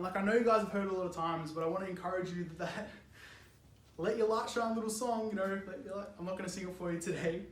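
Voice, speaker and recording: Young male youth speaker, casual and animated, high voice, echoey room. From Australia. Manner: animated, chatty, laughs often, lots of "like". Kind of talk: youth sermon, casual storytelling.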